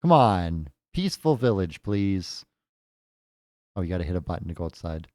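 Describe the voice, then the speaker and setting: In a dry, clean studio recording, a man with a low, darkish voice and big pitch swings commentates casually at normal speed while playing a game for the first time. He thinks aloud and tosses in jokey asides.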